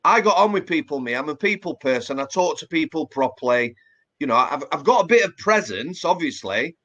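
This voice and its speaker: A man from Yorkshire, England, who used to be a prison officer, chats plainly in a casual interview. He speaks briskly with a Yorkshire English accent, his voice on the high side, a bit bright and lively in intonation, full of fillers and restarts.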